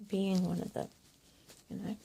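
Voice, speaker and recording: A woman delivering a rambling monologue to camera, often dropping to a hushed whisper. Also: mid-range voice, flat delivery, unhurried, gravelly, breathy edge. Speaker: video blogger.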